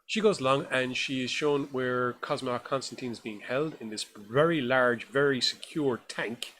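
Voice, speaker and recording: A man's voice: mid-range voice, normal speed, a bit bright, slight background noise. A man co-hosting a horror film podcast, reviewing a new film in casual, enthusiastic, rambling chat. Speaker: podcast co-host.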